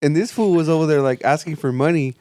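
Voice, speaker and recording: A man's voice: on the high side, fast talker, a little mellow, dry recording. A man hosting a podcast, telling a rambling, profanity-filled story in a casual studio chat. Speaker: podcast host.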